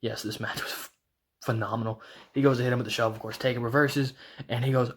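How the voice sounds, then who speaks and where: A man giving a casual, excited recap as a wrestling reviewer, rambling with lots of restarts and fillers. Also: mid-range voice, slight background noise. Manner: rambling, fast retelling full of "like" and restarts.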